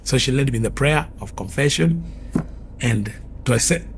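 A man's voice: medium pitch, moderate pace, a little hiss or hum. A man who was formerly an occultist gives an earnest, vivid spoken testimony, repeating phrases as he tells his story.

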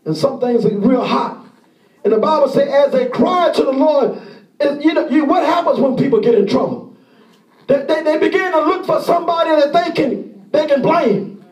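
A man preaching a sermon as pastor, impassioned and often shouting, acting out the pleas of the people he describes. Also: very high voice, lively intonation, moderate pace, echoey room, recorded from a distance.

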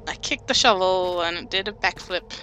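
A woman's voice: on the low side, normal speed. A woman casually commenting as she plays a game, chatting, muttering and humming to herself as she explores. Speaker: let's play gamer. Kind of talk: casual let's play commentary. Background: game music.

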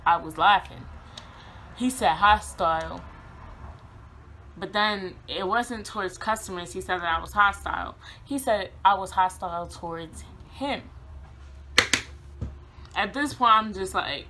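A young woman tells a workplace story straight to camera in a casual vlog, animated and quick to laugh. Her voice is bright and forward, and her pitch sits in the middle for a woman. A faint hiss of room noise stays underneath. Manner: animated, laughs often, acts out quotes with high voice. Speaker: vlogger.

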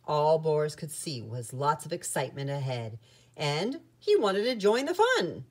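A woman reading a children's picture book aloud with an expressive storytelling manner. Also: low-pitched, measured pace.

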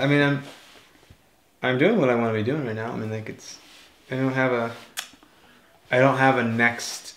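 A man in casual conversation as co-host of a homestead video, talking haltingly with many restarts and trailing off quietly. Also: medium pitch. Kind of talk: casual chat. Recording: echoey room.

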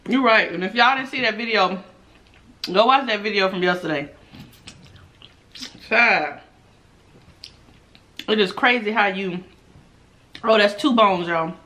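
In a mukbang video, a young woman chats casually as she eats, laughing often and calling her viewers "y'all." Her medium-pitched voice is pushed and bright, unhurried, with frequent pauses.

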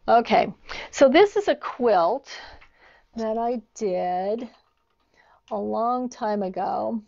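A woman's voice: on the high side, expressive, takes it slowly, vocal fry, darkish tone, no echo, muffled recording. A middle-aged woman teaching an online sewing class, chatty, telling stories as she demonstrates. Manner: chatty, storytelling asides. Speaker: sewing instructor.

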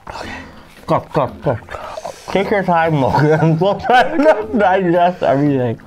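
A man's voice: fairly high pitch, sing-song, unhurried, crowd noise. A man from Toronto, a comedian in casual joking chat who laughs often and slips into playful patois phrases. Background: music.

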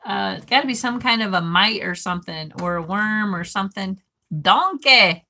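Bright-voiced woman chatting on a live stream. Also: medium pitch, a little fast, vocal fry. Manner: giggly, rambling, reads comments aloud. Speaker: livestream host reading chat. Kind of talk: casual live-chat talk.

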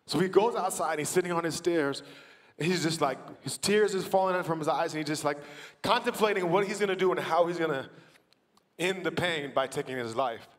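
A man from the church team telling a story from the stage, acting out the quotes and rising to shouted praise. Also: fairly high pitch, a little fast. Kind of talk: testimony preached from the stage. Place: large church auditorium. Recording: long hall reverb.

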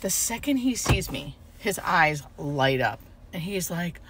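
A woman who works as a hospice nurse, casually telling a story to camera in an animated, expressive way. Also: lowish voice, unhurried, husky. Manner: animated, expressive retelling with quoted dialogue.

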